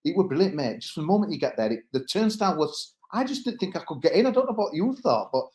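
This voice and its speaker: A man's voice: on the high side, very animated, fast, darkish tone, reverberant. A man with an East Midlands accent telling a rambling story with laughs on a casual football podcast. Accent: English East Midlands. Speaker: pod regular.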